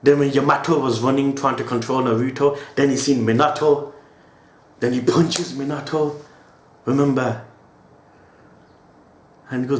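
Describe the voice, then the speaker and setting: A man's voice: mid-range voice, fairly even intonation, moderate pace, pauses often, a little hiss or hum. A man giving an emotional reaction monologue as an anime reaction host, talking in slang and tagging his lines with a casual "yo". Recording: roomy echo.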